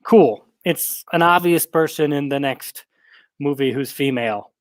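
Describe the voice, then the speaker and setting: A man co-hosting a podcast, chatting casually and retelling film scenes with lively acted-out quotes. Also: a little high, measured pace, dry recording. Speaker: podcast co-host. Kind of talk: casual film recap chat.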